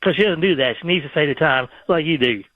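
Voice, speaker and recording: A man from Kentucky with a Kentucky Southern accent calling a talk radio show, talking fast and repeating himself. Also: fairly high pitch, husky, no room sound. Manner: fast, hard to follow, repetitive. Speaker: caller. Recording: phone-line call-in audio.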